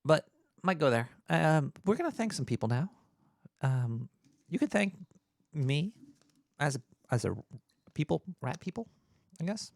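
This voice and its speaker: Gravelly, laid-back male podcast host. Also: fairly high pitch, big pitch swings, no echo, clean studio sound. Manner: rambling, laid-back, halting with many fillers. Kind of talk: casual rambling radio talk.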